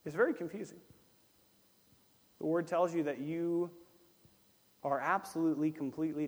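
A man preaching a sermon to his church, acting out little dialogues and repeating phrases for emphasis. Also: sits high. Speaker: pastor. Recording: long reverb of a church hall.

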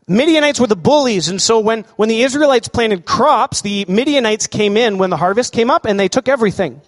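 A man with a high voice preaches a lively sermon, asking the congregation questions. His voice rings out with a long reverb in a large hall. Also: fairly quick. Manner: animated preaching, asks the crowd questions. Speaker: pastor.

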